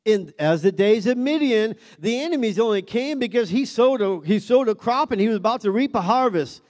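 A man's voice: high voice, animated, brisk, darkish tone, in a large hall. A man preaching a sermon as pastor, calling out to the congregation and building in intensity. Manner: preaching with call-and-response and rising intensity.

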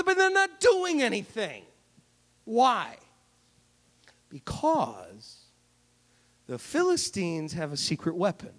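A man preacher delivering a sermon, retelling a Bible story with animated, jokey storytelling. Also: sits high, slow pace, pauses often.

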